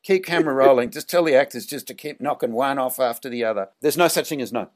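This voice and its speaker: A middle-aged Australian man, a film director, telling animated anecdotes in an interview and jumping up in pitch for quoted lines. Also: fast talker. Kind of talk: storytelling interview.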